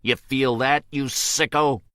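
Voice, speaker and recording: A man voicing an enraged young army captain who hisses and shouts threats. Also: medium pitch, steady tone, takes it slowly, no room sound, clean studio sound, voice pushed up. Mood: shouting. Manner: seething, hissing threats.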